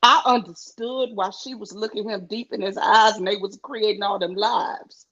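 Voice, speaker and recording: A woman co-hosting a casual chat, animated and quick with laughing asides. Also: mid-range voice. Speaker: podcast co-host. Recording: dull lo-fi stream audio.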